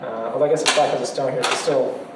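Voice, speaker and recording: A man with a medium-pitched, fairly even voice talks fast while giving a casual go lecture in a classroom, chatting and laughing between points. The recording is noisy, with an echoey room and a distant mic.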